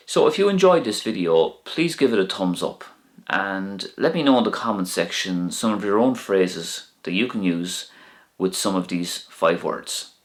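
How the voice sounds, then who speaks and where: A man teaching vocabulary, speaking slowly and clearly and repeating each word for learners. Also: low voice, animated. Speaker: Irish language teacher. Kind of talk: slow, clear language lesson.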